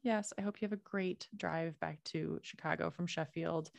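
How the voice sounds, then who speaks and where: A woman's voice: deep voice, steady tone, moderate pace, creaky. A woman co-hosting a podcast, talking casually with lots of "like" fillers and frequent laughter. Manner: chatty, many "like" fillers, laughs often. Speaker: podcast co-host.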